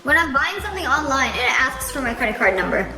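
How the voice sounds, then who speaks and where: A woman's voice: high voice, very animated, fast talker, roomy sound, over music. A woman hosting a reaction video, chatting casually with playful sarcasm.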